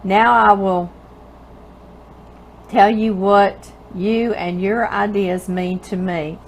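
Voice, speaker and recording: A woman's voice: mid-range voice, fairly even intonation, slow, a little hiss or hum, poor audio. A woman with a Louisiana Southern accent, hosting a home cooking show from her kitchen and reading viewer mail aloud in a tender, emotional way. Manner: tender, emotional, laughs often, calls listeners girl.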